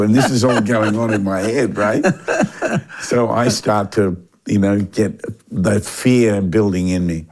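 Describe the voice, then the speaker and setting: A man's voice: lowish voice, slow. Older man telling a story. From Australia. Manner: animated anecdotal delivery with frequent fillers and restarts. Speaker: interview guest. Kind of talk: storytelling in a casual interview.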